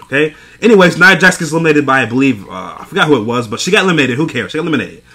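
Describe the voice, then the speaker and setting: A man's voice: on the high side, sing-song, very fast, pushed and bright. A young man recapping a wrestling event in a casual, profane rant, exasperated and laughing between points. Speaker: wrestling show reviewer.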